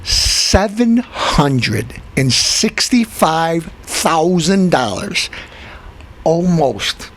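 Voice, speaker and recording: A man hosting a show, delivering a comic rant that keeps repeating itself and jumps into high, excited outbursts. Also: extremely slow. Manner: ranting, repetitive, swings into high excited outbursts. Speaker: show host.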